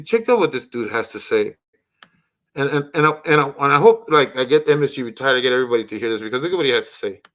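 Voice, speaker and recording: A man hosting a casual voice chat stream who rambles, swears heavily and breaks into loud rants. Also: medium pitch. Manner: profane, rambling, rants loudly. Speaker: livestream host.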